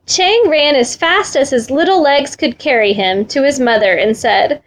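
High, slow woman reading a storybook. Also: animated. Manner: gentle, rhythmic, repeating phrases. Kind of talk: storybook read-aloud.

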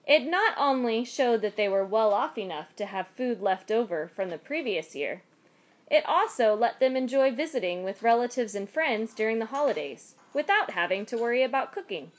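A woman narrating a folk tale in a measured, expressive storytelling manner. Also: on the high side.

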